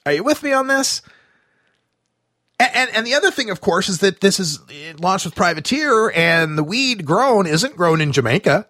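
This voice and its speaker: A man hosting a talk radio show, delivering an animated, sarcastic monologue with plenty of fillers and asides. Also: high-pitched, normal speed, no echo, studio quality.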